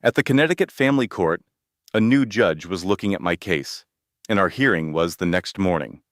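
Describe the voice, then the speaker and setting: A man narrating a scripted story with a measured, even delivery. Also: deep voice, no room sound, clean studio sound.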